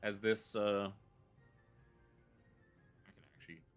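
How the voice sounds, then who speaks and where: A man's voice: fairly low pitch, steady tone, takes it slowly, clear, resonant tone, soft background music. A man narrating as game master, rambling loosely with frequent ums and chuckles.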